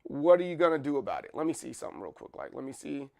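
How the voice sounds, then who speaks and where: A man's voice: fairly high pitch, very animated, fast talker, vocal fry, no room sound, studio quality. A man hosting his own livestream, chatting casually in a rambling, playful and apologetic way. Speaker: livestream host.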